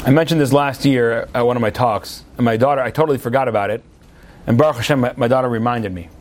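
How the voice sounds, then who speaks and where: A middle-aged man giving a sermon, telling stories with acted-out quotes in an animated way. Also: mid-range voice, quick pace, a little hiss or hum.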